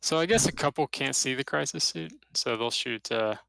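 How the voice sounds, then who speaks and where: Gravelly bright-voiced man counting dice. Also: medium pitch, moderate pace, no room sound. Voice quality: counts dice and works out rules aloud. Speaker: tabletop wargame player. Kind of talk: casual game talk, thinking aloud.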